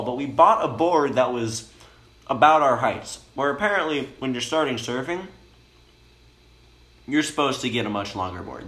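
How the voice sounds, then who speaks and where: A young man, a bit high, telling a long profane story in a rambling, laid-back way inside a camper van. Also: fairly bright tone. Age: young adult. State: high on cannabis. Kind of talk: casual storytelling chat. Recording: roomy with faint noise.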